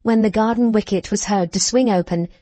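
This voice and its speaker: A woman narrating a classic novel as an audiobook, in an even, unhurried storytelling manner. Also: medium pitch, no echo. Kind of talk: scripted narration.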